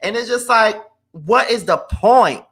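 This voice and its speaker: A man hosting a livestream, giving sassy, profane commentary and drawn-out complaints as he answers the chat. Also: sits high, expressive, a bit bright, slightly rough. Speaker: host. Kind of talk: livestream commentary on celebrity gossip.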